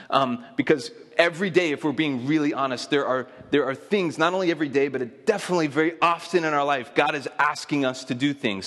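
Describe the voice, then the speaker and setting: A man preaching to his congregation, his mid-pitched voice carried by a long reverb in a large hall. He tells his stories with animated energy, acting out quotes and laughing often. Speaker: pastor. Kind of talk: sermon.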